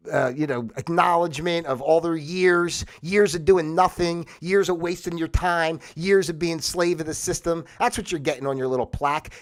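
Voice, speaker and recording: A man hosting a livestream, ranting in a heated, rambling, profane monologue. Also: a little high. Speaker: livestream host.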